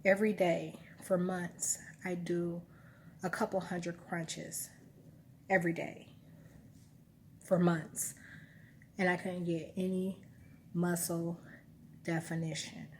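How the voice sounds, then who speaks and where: A woman's voice: lowish voice, a little hiss or hum. A woman talking to her camera in a rambling personal monologue, musing and correcting herself as she recalls things. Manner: musing, self-correcting, recounting memories. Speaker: vlogger.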